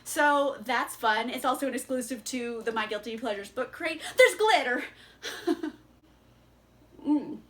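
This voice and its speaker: A woman's voice: high-pitched, animated, unhurried, pauses often, a bit bright. A woman vlogger casually chatting through a book haul, bubbly and giggly, with lots of fillers.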